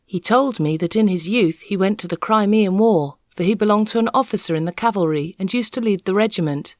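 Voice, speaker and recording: Woman reading a kids novel aloud, lively storyteller, mid pitch, dry close sound. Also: no room sound. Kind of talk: expressive read-aloud narration.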